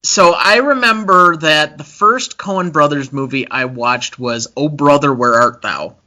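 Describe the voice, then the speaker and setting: A man's voice: fairly high pitch, unhurried, sharp tone. A young man co-hosting a casual movie-review podcast, chatty and analytical, with frequent fillers. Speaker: podcast co-host.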